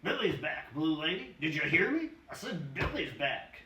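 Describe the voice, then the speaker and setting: Man playing folksy old hobo man, drawling, raised pitch, roomy far-off sound. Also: sing-song, moderate pace, pushed and bright. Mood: easygoing. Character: weathered older male hobo, easygoing. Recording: roomy, distant mic, faint hiss.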